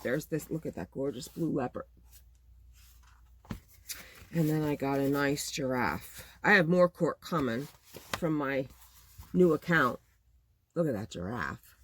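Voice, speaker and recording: A woman's voice: sits low, animated, unhurried, pauses often, slight background noise. A middle-aged woman chatting casually to her viewers, venting in an exasperated, talkative way about running her small business. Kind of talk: casual chat to camera.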